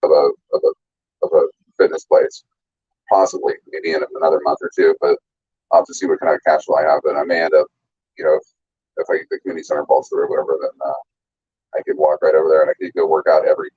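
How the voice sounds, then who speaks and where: Deep husky man rambling on a live chat. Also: steady tone, quick pace, mellow. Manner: rambling, hesitant, many restarts. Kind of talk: casual talk on a live chat. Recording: dull lo-fi dry audio.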